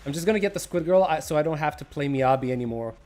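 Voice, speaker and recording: A man's voice: a little high, lively intonation, fast talker, a little mellow. A man streaming a game, chatting casually, greeting viewers by name and snacking as he talks. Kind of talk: casual livestream chat.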